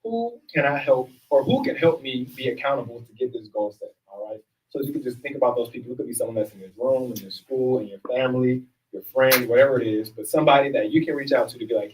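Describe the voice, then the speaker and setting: An upbeat man runs a group workshop in a room full of people, speaking casually and checking in with the room. His pitch sits in an ordinary middle range, and he is picked up from a little distance away from the mic. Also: fast talker, a little mellow, slight background noise. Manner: upbeat, casual, keeps checking in with "all right?". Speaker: workshop facilitator and self-help coach.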